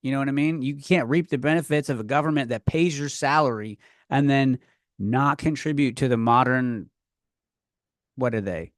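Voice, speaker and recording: A young man hosting a comedy podcast, ranting in a rambling, profane way that swings between loud outbursts and muttering. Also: medium pitch, moderate pace, no room sound, clean studio sound. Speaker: podcast host. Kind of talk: comedic rant.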